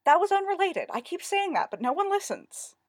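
A woman voicing a pompous, know-it-all middle-aged male wizard who talks high and insists loudly that he was right, in a storybook reading. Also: very animated, fairly quick, no echo, clean studio sound. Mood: self-righteous. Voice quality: high-pitched, loud, insistent.

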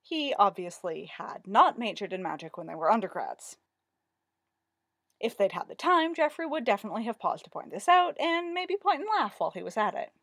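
A woman narrating a story aloud in an expressive, lively way. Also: medium pitch, normal speed, dry recording, studio quality. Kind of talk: storybook reading.

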